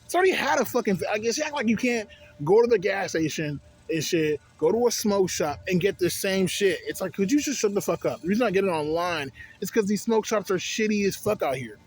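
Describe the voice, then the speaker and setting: On his vlog, a young man casually reviews a vape, swearing, rambling, and wandering into digressive stories. His voice sits high and is animated, slightly fast, and a bit rough.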